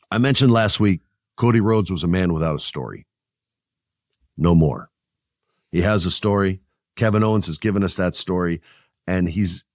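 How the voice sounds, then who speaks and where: Low-voiced joking male podcast host. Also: dry recording, clean studio sound. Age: middle-aged. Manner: animated, joking, puts on voices. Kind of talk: casual wrestling chat.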